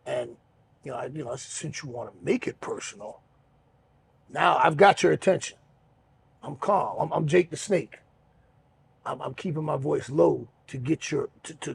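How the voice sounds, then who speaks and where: A middle-aged man hosting a podcast, telling stories in a relaxed, rambling way, swearing freely. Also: fairly high pitch, a little slow, vocal fry, long pauses, slight background noise. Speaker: podcast host and pro wrestler. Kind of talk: casual storytelling chat.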